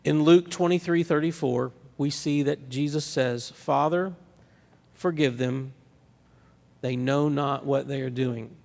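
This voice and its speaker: Gravelly-voiced pastor preaching in a reverberant hall. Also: male voice, mid-range voice, measured pace, a little mellow. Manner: conversational preaching with frequent restarts and fillers. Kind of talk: sermon. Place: church sanctuary.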